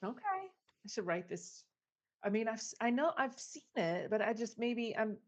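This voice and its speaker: A woman's voice: fairly high pitch, sing-song, moderate pace. A woman co-hosting a live podcast, chatting casually, giggling and asking her co-host questions. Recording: slightly dull, muffled audio.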